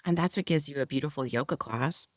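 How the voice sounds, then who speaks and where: A woman with a mid-low, even voice talks as a guest yoga mentor, her explanations flowing and eager. The sound is dry and close, with no room around it. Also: fast talker, no room sound. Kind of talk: interview conversation.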